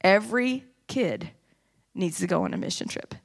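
A woman's voice: medium pitch, lively intonation, normal speed, vocal fry. A woman giving an impassioned sermon testimony in a church, rising into emphatic preaching. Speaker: church speaker. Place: church sanctuary.

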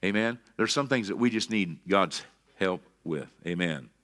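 A middle-aged man preaching a sermon as pastor, swinging between quiet asides and emphatic calls for amen from the congregation. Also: low voice, normal speed.

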